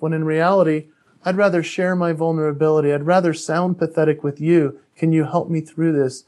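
Earnest man with a higher voice. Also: fairly even intonation, a little fast, a little mellow. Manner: earnest and candid, with frequent restarts. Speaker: podcast guest, author and speaker. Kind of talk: personal storytelling in a podcast interview.

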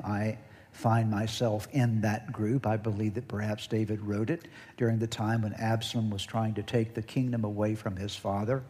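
A male pastor delivers a sermon from the pulpit, his voice sitting at an ordinary middle pitch. He builds steadily in force and calls on the congregation to repeat phrases back to him. His words ring out with a long reverb through a large church hall. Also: a little mellow. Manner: preaching with rising intensity, leads congregation call-and-response.

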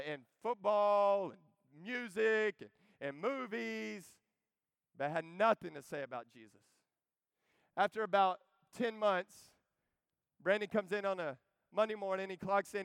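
A man preaching a sermon, swinging from loud urging to hushed storytelling. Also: sits high, clear, resonant tone, no room sound.

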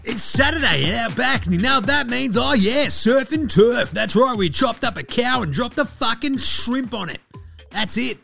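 A man's voice: lively intonation, moderate pace, vocal fry, bright, forceful tone, faint music behind, exaggerated voice. A man putting on an overexcited, brash restaurant ad announcer who swears as he sells. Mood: hyped. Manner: hyped, brash, swearing pitchman.

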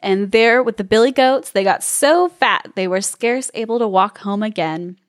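A woman's voice: medium pitch, moderate pace. A woman co-hosting a podcast, reading a fairy tale aloud and breaking off with playful, laughing comments. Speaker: podcast co-host.

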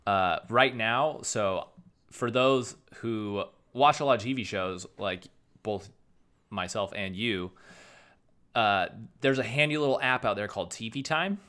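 A man's voice: fairly low pitch, measured pace, bright, forceful tone, clean tone. A man co-hosting a casual chat, enthusiastic and chatty, laughing easily. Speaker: podcast co-host.

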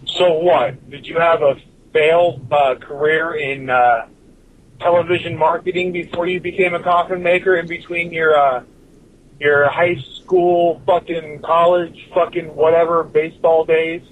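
A man's voice: fairly high pitch, steady tone, measured pace, highs cut off. A man giving a profane, rambling rant as a listener's recorded message to a podcast, swearing constantly and drifting from point to point.

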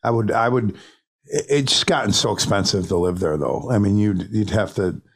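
A man's voice: fairly low pitch, moderate pace, slightly rough. A man from Syracuse, a former radio host interviewing a guest in a blunt, talkative way, swearing freely. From Syracuse, New York. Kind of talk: casual interview chat.

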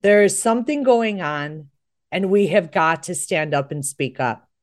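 A woman's voice: on the low side, animated, a little slow. A middle-aged American woman hosting a talk show, speaking earnestly and with emphasis. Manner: earnest, emphatic, rising with emotion. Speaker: host. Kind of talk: impassioned talk show monologue.

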